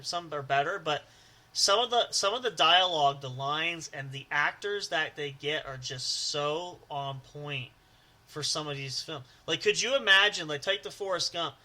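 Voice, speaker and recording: A man's voice: fairly high pitch, lively intonation, moderate pace, pushed and bright. A man co-hosting a casual podcast chat who laughs often and breaks into stammering movie impressions. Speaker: podcast co-host.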